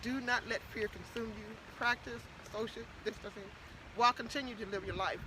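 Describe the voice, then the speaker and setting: A woman's voice: on the high side, fairly even intonation, brisk, background noise. A middle-aged woman vlogging outdoors to her viewers, chatty and playful, getting out of breath. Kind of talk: casual vlog to viewers.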